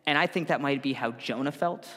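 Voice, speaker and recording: A man's voice: medium pitch, brisk, pushed and bright. Man, preacher, conversational sermon, restarts and voiced quotes, long hall reverb. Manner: conversational with self-corrections and acted-out quotes. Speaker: pastor.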